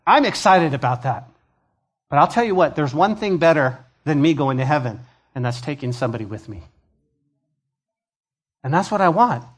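Pastor, male, conversational sermon style, animated, acts out voices, voice a touch high. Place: church sanctuary.

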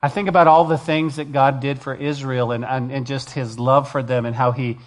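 A man's voice: medium pitch, flat delivery, normal speed. A man preaching a sermon as pastor, reading scripture and rising to emphatic, passionate preaching.

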